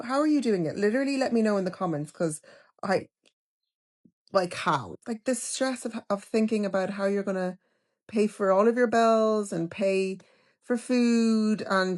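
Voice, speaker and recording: Woman ranting on her vlog, exasperated then kinda salesy, middle pitch. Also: a little mellow. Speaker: online business influencer. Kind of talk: vlog rant to camera.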